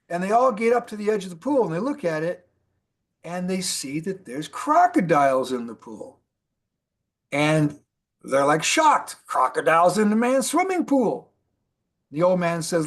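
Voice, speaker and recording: A man's voice: sits high, lively intonation, moderate pace. A man presenting a motivational training talk, telling stories and asking rhetorical questions. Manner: storytelling, rhetorical questions, repeats lists. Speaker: mentor presenter.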